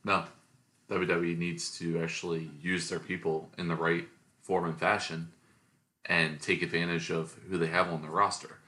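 A man's voice: low-pitched, flat delivery, moderate pace, pushed and bright. A man co-hosting a casual podcast, giving blunt opinions. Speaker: podcast co-host. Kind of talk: casual chat.

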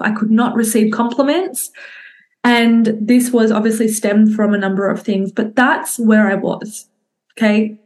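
Talking straight to her group over a video call, a young fitness coach keeps it frank and curses casually, her voice on the high side.

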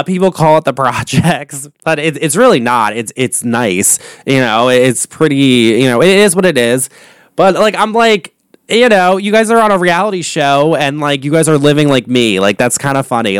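On his solo podcast, a man gossips with animation about reality television, keeping it casual and cursing freely. His mid-range voice has lively intonation, a clean tone and normal speed, but it's turning hoarse. He uses a studio podcast mic, and the sound is clean with no echo.

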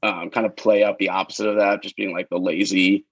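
Deep gravelly laid-back male comedian. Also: little pitch movement, a little fast, dry recording, muffled recording. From Long Island. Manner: laid-back, self-deprecating, dry. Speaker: comedian guest. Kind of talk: casual chat.

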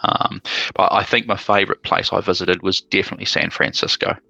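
A man's voice: sits low, fairly even intonation, fairly quick, creaky, sharp tone, dry recording, highs cut off. A man with a New Zealand accent, chatting as a guest and telling travel stories with plenty of ums. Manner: chatty storyteller, lots of ums. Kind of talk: casual chat.

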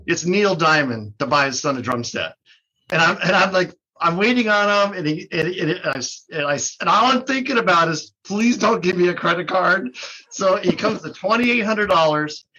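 A man's voice: high voice, animated, normal speed, sharp tone, breathy edge. An older man telling a story as a guest in a casual talk, laughing and cursing, with many restarts, recorded on dull, lo-fi audio. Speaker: guest, drum shop co-owner.

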